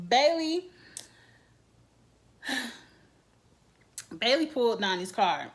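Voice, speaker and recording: A woman hosting a casual reality TV recap vlog, talking in an animated, gossipy way and laughing often. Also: fairly high pitch, drawn-out words.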